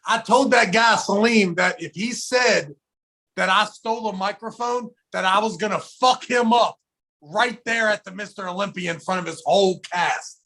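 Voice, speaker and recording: In a high male voice at normal speed, a podcast co-host shares a story in casual conversation. He's an animated, profane storyteller, swearing freely and acting out what people said.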